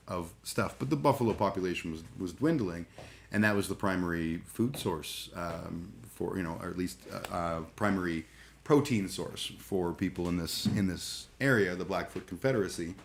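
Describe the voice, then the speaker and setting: A man chatting casually on a live stream, rambling and irreverent, full of fillers and restarts. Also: deep voice. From Canada. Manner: irreverent, joking.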